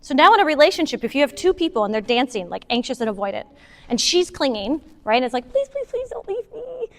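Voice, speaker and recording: A woman giving a casual, animated talk to a moms' group, taking audience questions and acting out what partners say. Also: fairly high pitch, fast. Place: meeting hall with an audience. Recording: long hall reverb.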